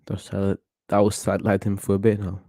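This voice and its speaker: A man's voice: on the low side, completely flat delivery, a little fast, dark tone, no room sound. A man hosting a football watchalong, chatting casually and giving opinionated commentary on the match. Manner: chatty, opinionated, thinks aloud with restarts.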